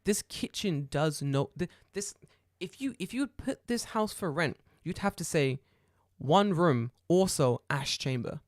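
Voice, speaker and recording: Profane, animated man telling a story. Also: high voice, normal speed, dry recording, studio quality. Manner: animated, profane, acts out dialogue loudly. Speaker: podcast co-host. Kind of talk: casual storytelling chat.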